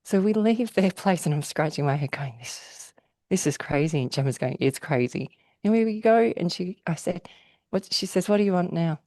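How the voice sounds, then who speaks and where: A woman's voice: fairly low pitch, brisk, warm tone, no echo, clean studio sound. An Australian woman telling stories in a casual chat, often laughing and acting out the voices of people she quotes. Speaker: guest.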